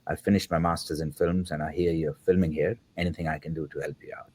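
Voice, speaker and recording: His voice is very deep and darkish, a bit rough, with little pitch movement, and he talks quickly. A filmmaker guest in his fifties, he shares a personal story reflectively, acting out dialogue and using the odd filler word.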